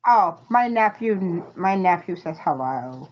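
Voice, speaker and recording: A woman chatting casually on a live stream, an animated storyteller who laughs often. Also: lowish voice, unhurried, slight background noise. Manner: animated storyteller, laughs often, acts out children's voices in quotes. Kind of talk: casual chat. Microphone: live-stream call microphone. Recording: dull lo-fi stream audio.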